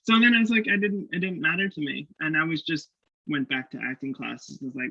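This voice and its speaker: Man, young, from Canada, higher voice, animated storyteller, dull dry sound. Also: brisk, vocal fry, no echo. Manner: animated, laughing, acts out quoted voices. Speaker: guest actor. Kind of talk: casual storytelling interview.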